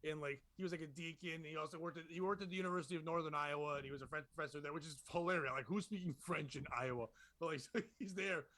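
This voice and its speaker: A man's voice: fairly high pitch, very fast, hardly any pauses, bright, forceful tone, no echo. A man telling rambling comic stories in a casual chat, laughing often. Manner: rambling storyteller, frequent laughter. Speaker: podcast host.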